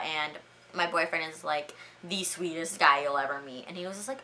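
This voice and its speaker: Young woman vlogging storytime, bright voice, talks fast and animated, lots of "like". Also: deep voice, slight background noise. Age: young adult. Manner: chatty, animated, many "like"s and "all right?" asides. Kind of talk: storytime vlog.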